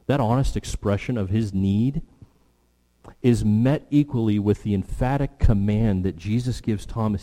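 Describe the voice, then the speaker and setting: A man preaching a sermon, emphatic, slowing down to stress key phrases. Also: fairly low pitch, warm tone. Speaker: pastor.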